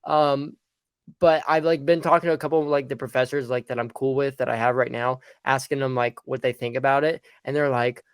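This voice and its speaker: A man's voice: medium pitch, fairly even intonation, fairly quick, clear, resonant tone, no room sound. A young man telling a story in casual podcast chat, rambling with lots of fillers. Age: young adult. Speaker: podcast guest.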